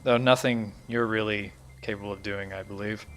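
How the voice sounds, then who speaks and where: A man voicing a seasoned male lizard-man bounty hunter in a tabletop game, dry and skeptical, his voice dropping low. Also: fairly even intonation, normal speed, a bit bright, lightly acted. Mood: guarded. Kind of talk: tabletop role-play in character.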